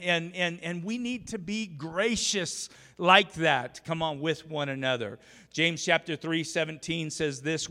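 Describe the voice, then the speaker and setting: Bright-voiced pastor in an echoing church. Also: male voice, on the high side, clean tone. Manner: emphatic, storytelling, frequent restarts. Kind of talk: sermon. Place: church sanctuary.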